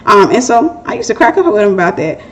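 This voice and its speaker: A woman's voice: mid-range voice, big pitch swings, fast talker, poor audio. A middle-aged woman hosting a Christian relationship Q&A, giving casual testimony and advice in a candid, joking way and laughing at herself.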